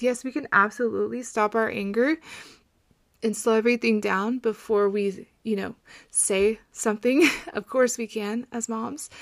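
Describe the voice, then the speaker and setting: A woman in her thirties, a podcast host and postpartum coach, gives a casual podcast monologue in an earnest, reassuring way, repeating phrases for emphasis. Her voice is mid-range, and the studio sound is clean with no echo.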